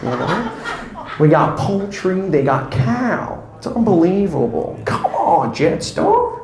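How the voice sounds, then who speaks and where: A man's voice: high voice, huge pitch swings, slow, a little mellow, voice pushed up, full character voice. A comedian voicing a dreamy, laid-back male celebrity airline pilot who is amazed by everything, in a small echoey room.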